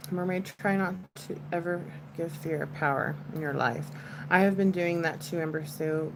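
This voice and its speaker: A woman's voice: lowish voice, background noise. A woman hosting a casual livestream chat, talking to viewers in a chatty, comforting way with lots of "like" fillers.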